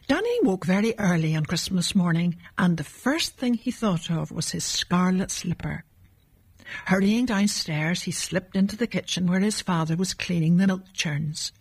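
A woman reading a children's Christmas storybook aloud in a calm, measured way. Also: fairly low pitch, husky, no echo. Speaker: narrator.

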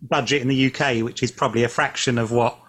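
A man's voice: mid-range voice, steady tone, fast talker, fairly bright tone, slightly rough. A man interviewing a director, asking long, searching questions with hesitant restarts.

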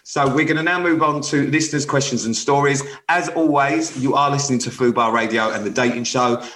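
A man hosting a podcast in casual chat, hesitant and dry, with many pauses and ums. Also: mid-range voice, steady tone, fairly bright tone, low-quality recording. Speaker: podcast host.

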